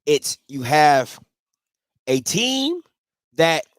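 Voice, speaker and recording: A man's voice: fairly high pitch, big pitch swings, extremely slow, no room sound. A man hosting a casual live postgame sports show from home, talking in a playful, trash-talking way and repeating himself for emphasis. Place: home, green screen behind him.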